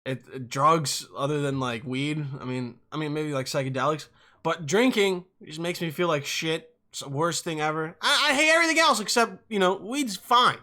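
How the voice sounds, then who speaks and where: A young man hosting a podcast, telling comic stories in an animated, profane, rambling way. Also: a little high, moderate pace. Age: young adult. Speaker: podcast host. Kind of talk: casual comic storytelling.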